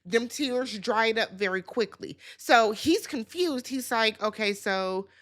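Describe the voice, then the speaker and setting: A woman hosting a casual reality-TV recap, chatty and animated, talking straight to her viewers. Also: fairly high pitch, slow. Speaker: YouTube reality-show recap host.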